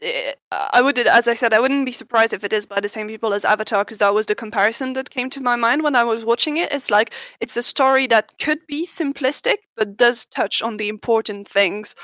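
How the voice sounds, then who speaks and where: A woman with a fairly high voice chats on a podcast, measured and appreciative. Her voice sounds dry and close, with no room sound at all. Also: lively intonation, a bit bright, no room sound. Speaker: podcast co-host. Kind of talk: casual chat.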